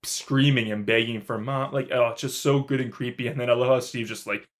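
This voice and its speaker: A man co-hosting a podcast, chatting casually and excitedly about a horror film, swearing freely. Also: medium pitch, brisk. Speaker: podcast co-host. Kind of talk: casual movie review chat.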